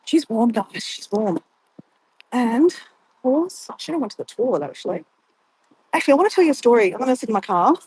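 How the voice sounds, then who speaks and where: A woman's voice: medium pitch, slightly rough. An Australian woman chatting to camera from inside her car, rambling and calling her viewers guys. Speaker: vlogger. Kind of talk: casual chat to camera.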